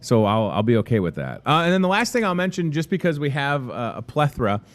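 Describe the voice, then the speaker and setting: A man's voice: medium pitch, big pitch swings, fast. A man hosting a store show, chatting in a folksy, upbeat way inside a grocery store restaurant. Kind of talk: casual store announcements and interview.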